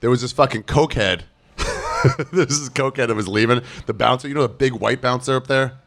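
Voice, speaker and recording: A man's voice: medium pitch, fairly quick. A man telling crude stories in a casual podcast chat, laughing as he goes. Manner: animated, profane, laughing through stories. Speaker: comedian podcast guest.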